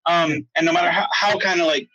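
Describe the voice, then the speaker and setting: A man interviewing a guest, talking haltingly with many restarts. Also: a little high, steady tone, pushed and bright, no echo. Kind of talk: casual interview chat. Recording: dry, dull lo-fi mic.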